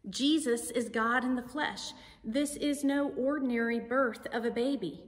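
A woman pastor preaching a sermon in a slow, deliberate, emphatic way. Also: on the high side. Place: church sanctuary. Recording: sanctuary with long reverb.

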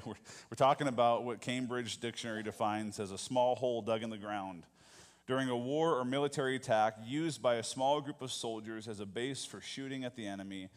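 A man preaching a sermon as pastor, talking conversationally and often asking the congregation questions. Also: lowish voice. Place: church sanctuary. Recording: long hall reverb.

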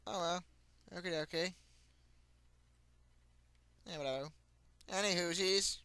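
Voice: mid-range voice, unhurried, sharp tone, no room sound. A playful gamer giving casual commentary and chatting goofily with characters in the game. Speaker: gameplay commentator.

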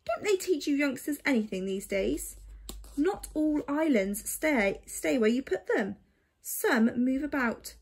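A woman voicing a grumpy, pompous old male albatross with a creaky voice in a storybook reading. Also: high voice, expressive, measured pace, a little mellow. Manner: lofty, grumbling.

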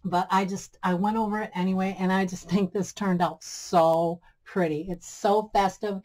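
A woman from Michigan, USA, hosts a DIY craft channel, speaking at medium pitch in poor-quality audio. She chats with viewers as friends, keeps calling them guys and friends, and gushes over her projects.

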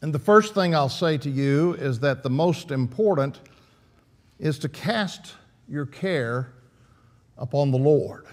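A man's voice: on the high side, expressive, takes it slowly. A man preaching an earnest, emphatic sermon in church, often restarting his phrases.

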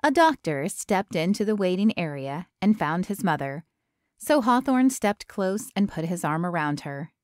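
A woman narrating an audiobook in an even, measured storytelling voice. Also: on the low side, dry recording, studio quality.

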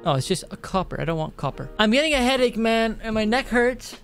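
A man giving casual gameplay commentary, excitable, talking to himself and his viewers, gasping and groaning as he plays. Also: high-pitched, fairly quick, creaky, faint music behind. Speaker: Minecraft let's player.

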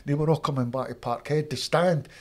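An older man with a Scottish accent, telling animated stories from his football career as an interview guest. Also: a little high, a little fast. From Scotland. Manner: animated anecdotes, acts out voices of others. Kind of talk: casual storytelling.

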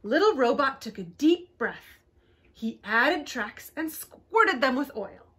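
A woman librarian reading picture books aloud to young children, animated and expressive, inviting them to join in. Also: sits high, slow, husky. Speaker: librarian storyteller.

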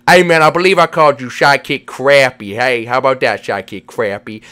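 A man's voice: mid-range voice, fairly even intonation, brisk, pushed and bright, clear, resonant tone, natural voice. A man voicing a laid-back Lego figure in a Minecraft role-play, ending lines with "man". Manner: drawling, says "man" every line.

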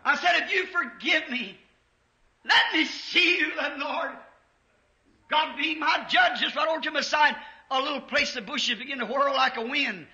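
A man preaching an impassioned revival sermon in a church, rising to shouts at the peaks. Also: extremely high pitch, moderate pace. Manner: impassioned, shouting at peaks, old-time Southern US preaching cadence. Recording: echoey church, dull 1950s tape.

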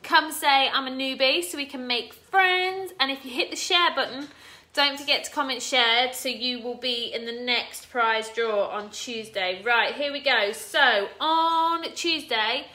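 Bright, chatty woman cooking live. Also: high-pitched, unhurried, hardly any pauses. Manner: chatty, greets viewers by name, self-mocking. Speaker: cooking livestream host. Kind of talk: casual live cooking chat. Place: home kitchen. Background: children's game noise faintly.

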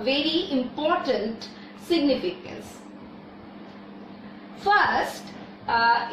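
A woman with an Indian English accent talks through a poem in a high, lively voice. She goes very slowly and deliberately, with frequent hesitations. The mic sits some way off in an echoey room with faint background noise. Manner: slow, deliberate, with frequent "uh" pauses. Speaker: English teacher. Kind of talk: explaining a poem line by line. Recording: roomy echo from a distance with faint noise.

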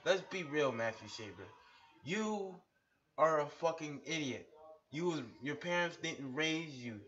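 This man's voice runs on the high side, with lively intonation, a measured pace and a bit of brightness. Shirtless on camera, he angrily rants at another YouTuber, insulting him repeatedly with heavy profanity, all in dull lo-fi webcam audio.

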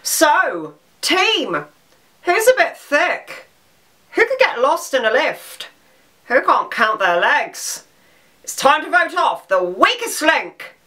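A man's voice: very high-pitched, very animated, slow, bright, forceful tone, far from the mic, full character voice. A man doing a withering female quiz host. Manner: clipped, withering. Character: stern female quiz show host, cutting.

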